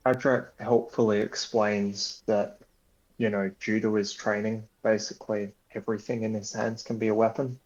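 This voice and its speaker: A man's voice: lowish voice, level tone, moderate pace, a little mellow. A man playing a tabletop role-playing game, talking loosely and hesitantly in casual chat. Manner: loose and hesitant, many fillers. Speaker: player. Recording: dull lo-fi mic.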